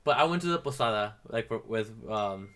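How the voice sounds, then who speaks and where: A man's voice: lowish voice, lively intonation, fairly quick, a bit bright, clear, resonant tone. A young man telling a rambling, profane story to the camera as a casual vlog, switching between English and Spanish. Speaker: vlogger.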